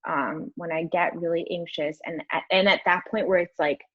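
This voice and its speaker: A young woman guest telling a candid story in an interview, rambling and animated, filling her speech with "like". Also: lowish voice, normal speed. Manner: rambling, animated, heavy use of "like". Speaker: podcast guest. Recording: dull lo-fi audio.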